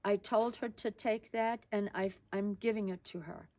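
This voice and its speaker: A woman voicing her grandmother as she retells a memory, speaking gently but insistently. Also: mid-range voice, steady tone, moderate pace, no echo, natural voice. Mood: gently firm. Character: firm, loving grandmother.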